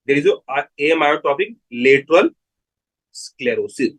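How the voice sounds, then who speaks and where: A man lectures a live online class, his voice fairly high and slightly husky. He repeats key terms slowly and keeps checking that his students follow. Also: lively intonation, fairly bright tone, low-quality recording. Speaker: medical lecturer.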